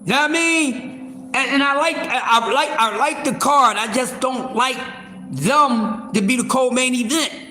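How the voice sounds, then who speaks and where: A man hosts a boxing livestream. His voice is high and bright, and he talks loudly and profanely, with many restarts. The room is echoey, with faint ambience behind him. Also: a little slow, a little hiss or hum. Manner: loud, profane, animated, with repeated fillers and restarts. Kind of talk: casual boxing talk.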